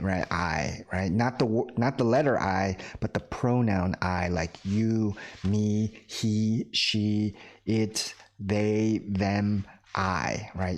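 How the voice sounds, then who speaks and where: This lowish-voiced man teaches English online in a recorded lecture, patient and repetitive, mixing in Korean words for his students and regularly checking with "right?"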